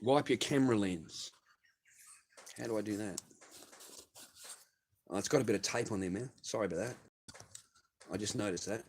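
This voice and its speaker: A man's voice: fairly low pitch, normal speed, long pauses, a little mellow, a little hiss or hum. A middle-aged man with an Australian accent, hosting a casual livestream and answering viewers in a blunt, profane, rambling way. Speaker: livestream host reading viewer messages.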